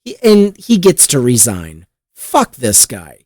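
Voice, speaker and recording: A man's voice: mid-range voice, huge pitch swings, slow pace, a little mellow, no echo, studio quality. Profane, exasperated male podcast host. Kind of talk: casual news commentary.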